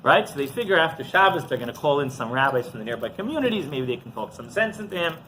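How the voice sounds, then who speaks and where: Animated rabbi telling a story. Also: male voice, mid-range voice, a little hiss or hum. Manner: animated storyteller, quick asides to the audience. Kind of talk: storytelling Torah class.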